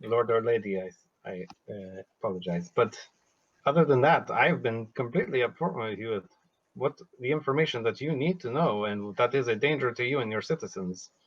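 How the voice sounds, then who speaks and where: A man playing a stubborn, defiant adventurer who insists the quest is his own, talking with halting fillers when unsure. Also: medium pitch, dull audio, close to an everyday voice. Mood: indignant. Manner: defiant, curses, many filler ums. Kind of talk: in-character tabletop role-play.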